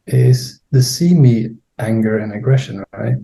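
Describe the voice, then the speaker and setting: A middle-aged man with a gravelly, dark and mellow voice tells how a therapy session went. He searches for words as he goes and plays out the lines spoken in the session. He is a guest trainer in a conversation. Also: medium pitch. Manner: unhurried, searching for words, acting out his own and a client's lines. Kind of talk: recounting a therapy case in conversation.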